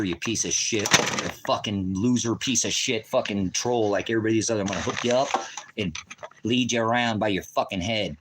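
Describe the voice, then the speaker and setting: A man on a livestream at home, ranting in a profane, taunting way at people in his chat. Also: lowish voice. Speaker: livestream host. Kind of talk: angry livestream rant. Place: at home by a wood stove.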